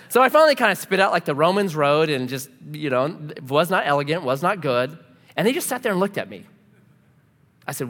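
A man's voice: a little high, very animated, fast, bright, forceful tone. A man preaching a sermon, telling a personal story and acting out the dialogue with laughs. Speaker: pastor. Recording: long hall reverb.

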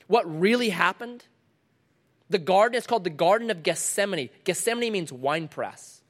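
A middle-aged man preaching a sermon to a congregation, dramatic, dropping to a hush and then rising loud again. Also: a little high. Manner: dramatic, swings from loud to hushed. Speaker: pastor.

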